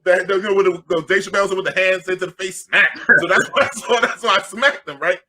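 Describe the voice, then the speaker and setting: A middle-aged man from Queens, telling an animated, jokey story and loudly acting out the crowd. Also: sits high, fast. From Queens, New York.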